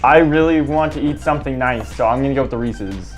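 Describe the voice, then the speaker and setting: A woman co-hosting a guessing-game challenge video, bantering casually and breaking into laughs and shouts. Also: very deep voice, fast talker, loud music behind the voice. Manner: excitable, bursts into laughter and shouts. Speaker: YouTube challenge co-host.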